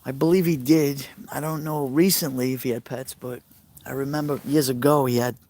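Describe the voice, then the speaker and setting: Sitting outside at night by a fire pit, this Brooklyn Italian American New Yorker casually live-streams and answers his viewers' messages aloud. His mellow, mid-range voice stays fairly even and moves at a normal speed.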